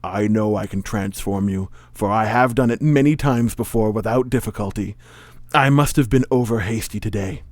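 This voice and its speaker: Casting: a man putting on a haughty Scottish-accented evil wizard, lecturing, a bit raised and loud, dry room. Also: fairly low pitch, moderate pace, no echo, lightly acted. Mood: confident. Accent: Scottish, Sean Connery style. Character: haughty evil male magician, calm and lordly.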